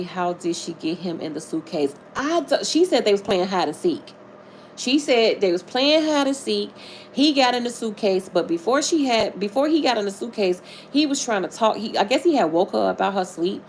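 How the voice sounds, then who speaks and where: Woman, live-stream host, casual chat, animated, swears freely, faint background noise. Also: on the low side. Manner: animated, chatty, swears freely, greets viewers.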